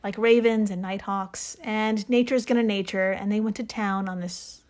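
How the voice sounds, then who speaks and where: A woman's voice: mid-range voice, steady tone, moderate pace, a little mellow. A young adult woman co-hosting a podcast, chatty and jokey, leading the segment from her notes. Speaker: podcast co-host. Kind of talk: casual podcast chat.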